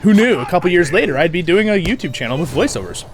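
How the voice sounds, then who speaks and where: A man, host of a game voice-over channel, chatting casually and rambling while he plays, laughing often and swinging from quiet asides to loud bursts. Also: high voice, very animated, quick pace.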